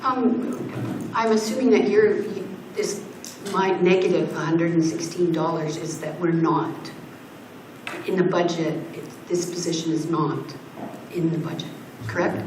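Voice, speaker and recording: A woman councillor with a lowish voice asks budget questions in a chatty, conversational way. She is far from the mic in an echoey chamber, and room noise is clearly audible. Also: measured pace. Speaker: council member. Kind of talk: council meeting discussion. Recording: distant roomy chamber mic.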